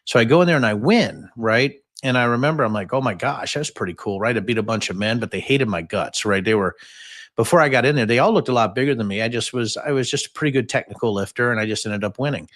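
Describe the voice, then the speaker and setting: Casting note: fiftyish male host, mid-pitched, loose and rambling, cracks jokes mid-story. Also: fast talker, a bit bright. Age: 50s. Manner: rambling and jokey, many fillers and asides. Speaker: podcast host. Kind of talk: casual livestream storytelling.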